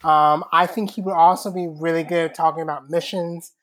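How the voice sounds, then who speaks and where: A man's voice: fairly high pitch, steady tone, moderate pace, a bit bright, no echo. A man, a guest on a podcast, giving short plain answers with small hesitations. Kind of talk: casual group chat.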